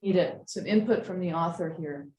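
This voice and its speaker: A woman's voice: fairly low pitch, moderate pace, a little mellow, echoey room, poor audio. A woman teaching a writing class, patiently reading sentences aloud again and again to check the commas. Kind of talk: editing a student essay aloud in class.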